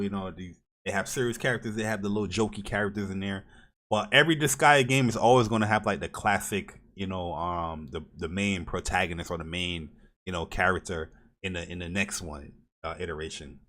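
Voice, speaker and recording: Podcast co-host, a man with a fairly low voice, excitable and rambling. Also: a little fast. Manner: hyped, rambling with many fillers. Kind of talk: casual gaming podcast chat.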